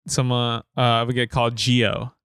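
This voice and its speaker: A man's voice: medium pitch, monotone, measured pace, a bit bright, smooth, no echo, clean studio sound. A man co-hosting a podcast in casual chat, rambling and heavy with fillers. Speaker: podcast co-host.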